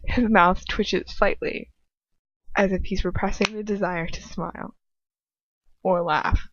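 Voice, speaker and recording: A woman's voice: mid-range voice, fairly even intonation, slow, dry recording, lo-fi sound. A woman reading first-person fan fiction aloud at home, stopping for chatty asides and laughing at herself. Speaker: amateur audiobook reader.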